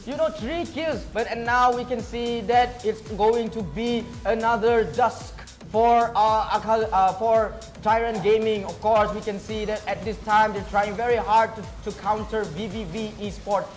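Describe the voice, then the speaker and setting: A young man with a high, light voice calls an esports match play by play. He talks in a playful, joking way, with faint music running under him. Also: flat delivery, normal speed, few pauses. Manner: joking, playful banter with co-caster. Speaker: esports caster. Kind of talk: play-by-play game commentary.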